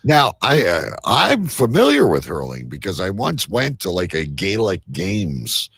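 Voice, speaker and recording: Low gravelly man, husky, lively swinging pitch, dry close sound, rambling jokey co-host. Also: a little slow, dry recording. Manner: rambling, joking, swears casually. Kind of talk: casual live-stream chat.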